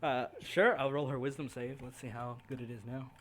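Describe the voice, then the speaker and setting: A man's voice: medium pitch, fairly even intonation, brisk, slight background noise. A man narrating as game master of a tabletop game, laughing often.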